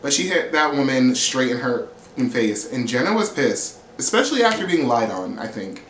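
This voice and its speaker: A man's voice: mid-range voice, big pitch swings, moderate pace, fairly bright tone. A man recapping a reality TV episode in a casual, blunt and sassy way, cursing freely. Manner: sassy, blunt and profane, acts out quotes. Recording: roomy echo, faint ambient hiss.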